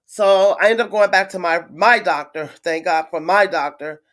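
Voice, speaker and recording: A woman chatting casually on a live stream to her viewers, venting in a frustrated, blunt way with swearing and halting restarts. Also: fairly low pitch, fairly bright tone. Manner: halting with many fillers and restarts. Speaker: livestreamer greeting viewers.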